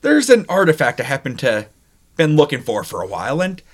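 A man's voice: fairly high pitch, wildly swooping pitch, a little fast. A man voicing a bitter, tall Goliath man, a former adventuring companion who holds a grudge. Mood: reproachful. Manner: grudging, reproachful.

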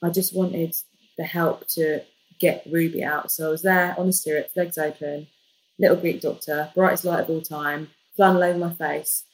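A woman, a podcast guest, telling a personal story in a lively, jokey way. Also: low-pitched, moderate pace, low-quality recording. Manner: lively, jokey, animated retelling. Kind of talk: casual storytelling.

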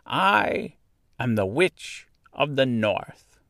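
A man voicing a kindly little old good witch who speaks calmly in a storybook reading. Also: mid-range voice, very slow, vocal fry, no echo, clean studio sound, voice pushed up, heavily acted. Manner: calm, gently laughing.

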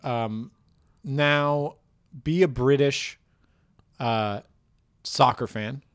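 A man's voice: medium pitch, drawn-out words, clear, resonant tone, dry recording, studio quality. A man co-hosting a comedy podcast, playfully prodding his partner with questions. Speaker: podcast co-host. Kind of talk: casual comedic podcast banter.

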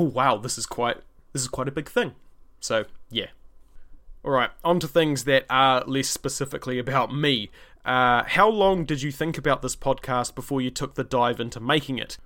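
A man's voice: medium pitch, a bit bright. Young New man, podcast host, casual rambling solo chat, mid-range voice. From New Zealand. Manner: rambling, many fillers and restarts. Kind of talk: casual solo podcast, answering listener questions.

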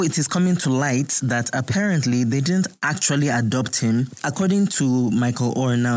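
A man's voice: medium pitch, darkish tone. A man with a Nigerian accent hosting a solo commentary podcast, talking in an emphatic, preachy way and repeating his points for stress. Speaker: podcast host.

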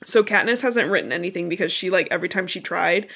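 A woman's voice: fairly low pitch, quick pace, gravelly, a bit bright, slightly rough. A congested woman with a stuffy nose, co-hosting a podcast and loosely recapping a book in casual chat, swearing as she goes. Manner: chatty, loose retelling with swearing and asides. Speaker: podcast co-host.

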